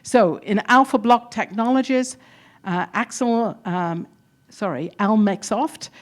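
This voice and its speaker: A woman's voice: medium pitch, slow. A woman with an English accent, speaking live to an event crowd, upbeat and encouraging, chatting with the audience. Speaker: keynote presenter at demo day. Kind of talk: energetic live speech to an audience.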